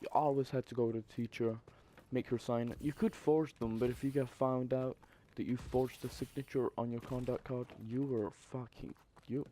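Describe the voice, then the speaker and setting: A young man telling a story in a casual, profane, animated way, with exasperated asides. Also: mid-range voice, moderate pace, few pauses, slight background noise. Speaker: vlogger.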